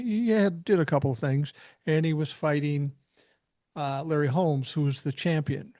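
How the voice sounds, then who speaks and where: Man, podcast host, animated storyteller, mellow and fairly high voice, dry muffled sound. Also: no echo. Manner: animated anecdote-telling, swears freely. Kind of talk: casual storytelling chat.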